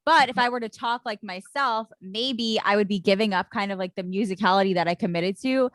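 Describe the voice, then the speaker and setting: A woman comedian hosts a casual chat, musing aloud and circling back as she works through her thoughts. Her voice is mid-pitched and sounds dry and close to the mic. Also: fairly quick, fairly bright tone, dry recording. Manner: thinks aloud, hesitant, many restarts. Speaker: comedian, podcast host.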